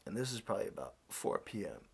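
A man spins a casual, rambling yarn, stumbling through restarts and acting out what people said. His voice is gravelly and a little husky. His pitch swings widely as he talks. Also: fast talker. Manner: rambling and animated, with many restarts and quoted voices. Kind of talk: casual storytelling.

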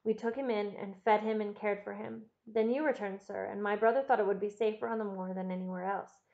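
A woman's voice: mid-range voice, fairly even intonation, brisk, gravelly, lo-fi sound, close to an everyday voice. A woman voicing a distraught middle-aged housekeeper who earnestly confesses to her master, in an audiobook reading. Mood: confessing.

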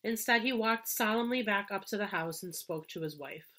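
A woman teacher reads a chapter book aloud to her class. Her voice is gentle and expressive and sits at a middling pitch. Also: normal speed. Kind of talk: storybook read-aloud for children.

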